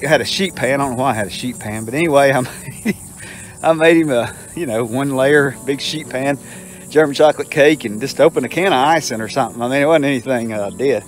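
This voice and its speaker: A man's voice: mid-range voice, fairly quick, soft background music. An older man tells rambling, self-amused stories in a folksy, casual way as he walks outdoors. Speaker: vlogger. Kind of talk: casual storytelling while walking. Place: outdoors in a park.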